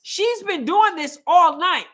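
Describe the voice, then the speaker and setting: A woman with a very high, fairly bright voice speaks slowly but animatedly while hosting a live watch party. She reacts to a basketball game as it unfolds, exclaiming emotionally and voicing indignation about calls in live reactive sports commentary.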